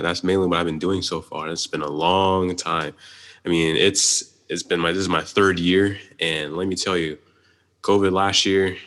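A man with a very deep voice chats casually as a podcast guest. He is from the Pittsburgh area and talks fast, often running his words together. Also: fairly bright tone. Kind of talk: casual chat.

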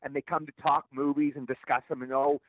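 A middle-aged man, an actor guest, telling stories in an interview in a rapid, stammering way with repeated words. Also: medium pitch, level tone, a bit bright, no echo. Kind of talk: storytelling interview answers. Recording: tinny phone line, dry.

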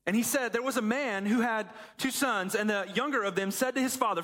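A man's voice: sits high, a little fast, few pauses, fairly bright tone. A man preaching, reading a Bible passage aloud and then explaining it in a casual, conversational way. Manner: reads scripture then explains it conversationally, acting out quotes. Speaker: pastor. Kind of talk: sermon with scripture reading.

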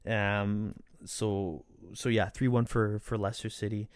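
A man hosts a football recap vlog, talking casually and swearing freely. His delivery is animated, swinging between loud rants and quieter asides. The sound is dry and close, with no room echo. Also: fairly low pitch, unhurried.

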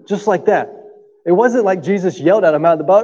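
A man's voice: high voice, brisk, dark tone. A male pastor preaching a sermon in a church, talking to the congregation in an easy, conversational way, often checking in with "right?", and coughing now and then. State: coughing through the talk. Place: church sanctuary. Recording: dull sound with long hall reverb.

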